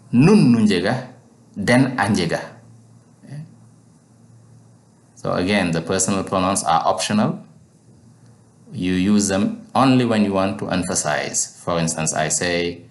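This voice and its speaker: A man's voice: low voice, roomy sound. A man teaching a language lesson, patiently repeating each word for learners to drill.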